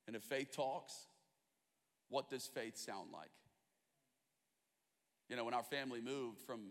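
A man's voice: medium pitch, a little slow. A man in his thirties from Australia with an American accent, preaching an impassioned, rhythmic sermon in a large church. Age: 30s. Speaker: pastor. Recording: echoey large hall.

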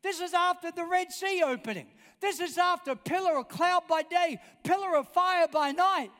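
A man's voice: very high voice, moderate pace, sharp tone. A man preaching a sermon, emphatic and repetitive, often calling on the congregation to answer back. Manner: emphatic, calls out for congregation responses. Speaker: pastor. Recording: long reverb of a large hall.

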